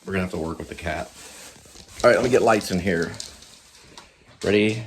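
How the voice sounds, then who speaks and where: A man's voice: low voice, brisk, a little hiss or hum. A man rambling casually in a vlog, trailing off and talking to his cat as he goes. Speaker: vlogger.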